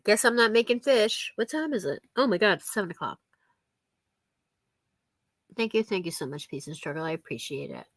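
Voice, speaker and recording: A woman's voice: medium pitch, lively intonation, normal speed, long pauses, no echo. A chatty woman on a live stream talks casually with her viewers. She giggles often and thanks people by name. Her voice sounds dry and close, with little room around it.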